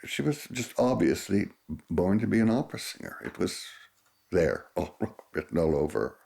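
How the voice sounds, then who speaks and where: A man speaking emphatically and drawn-out in a documentary interview. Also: sits low, very animated, gravelly, mellow.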